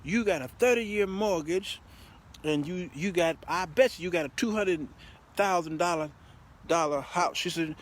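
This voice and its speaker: A man's voice: a little high, moderate pace. A man, hosting his own show, telling a story by phone and acting out both sides of the talk. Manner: animated, acts out both sides of a conversation. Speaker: host. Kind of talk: casual live-stream storytelling. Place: outdoors in the rain, then in a car.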